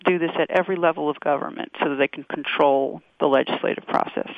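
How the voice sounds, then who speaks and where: A woman activist being interviewed over the phone, talking in halting bursts with many restarts and fillers. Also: deep voice, steady tone, vocal fry, dry recording. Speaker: activist guest. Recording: tinny phone line.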